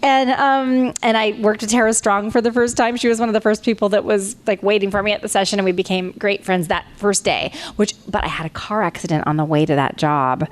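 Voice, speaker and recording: A woman's voice: mid-range voice, fairly even intonation, fairly quick, hardly any pauses. Chatty, laughing woman in her forties. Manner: rambling, chatty, laughs often. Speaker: panel guest voice actress. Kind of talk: casual storytelling at a fan convention panel. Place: convention panel room. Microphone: handheld microphone.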